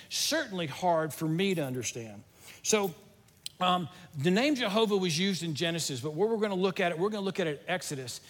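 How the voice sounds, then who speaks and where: A man's voice: high-pitched, big-room sound. A middle-aged man, teaching a sermon in a folksy, self-deprecating, conversational way. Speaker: church teacher.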